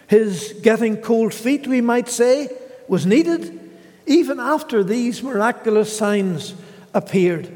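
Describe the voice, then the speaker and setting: A man preaching a sermon in a slow, measured way, pausing often and voicing the scripture quotes he reads. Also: very high voice, a little mellow, long reverb tail.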